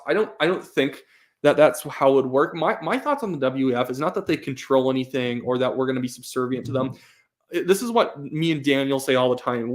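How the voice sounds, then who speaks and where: Opinionated man on a live stream. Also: medium pitch. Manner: opinionated, reads chat questions aloud, frequent fillers and restarts. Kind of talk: casual live-stream commentary.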